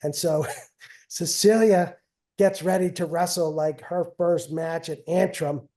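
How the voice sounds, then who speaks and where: A middle-aged man with a fairly high, mellow voice. He tells stories casually as a guest, rambling, repeating phrases and trailing off at the ends of thoughts. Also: fairly even intonation, slow. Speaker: guest, wrestling coach and father. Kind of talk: casual storytelling.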